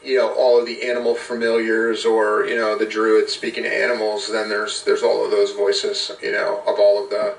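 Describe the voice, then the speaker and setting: A man answering fan questions in a casual, animated, rambling way, slipping into character voices now and then. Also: fairly low pitch, fairly quick, gravelly, few pauses. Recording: roomy, from a distance.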